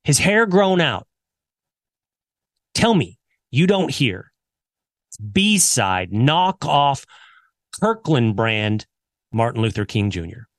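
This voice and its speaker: A man's voice: medium pitch, very animated, slow, long pauses, no echo, clean studio sound. A man hosting a podcast, delivering a scripted commentary segment with sarcastic, mocking emphasis. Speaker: podcast host.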